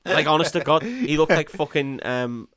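A man's voice: on the high side, animated, normal speed, a bit bright, dry recording, clean studio sound. A man, co-hosting a podcast and recapping a film in casual, sweary chat, laughing often and putting on drawls for quotes.

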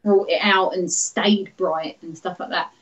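A chatty woman, a guest artist, explaining her work in a relaxed interview, with lots of fillers and quick laughs. Her voice sits at a mid pitch. The recording is a little dull and lo-fi. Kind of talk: casual interview.

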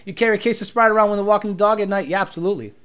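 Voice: mid-range voice, rapid-fire. A livestream host in casual chat, reading out viewer comments and telling stories with lots of laughter and swearing. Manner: animated storytelling, frequent laughter, profane.

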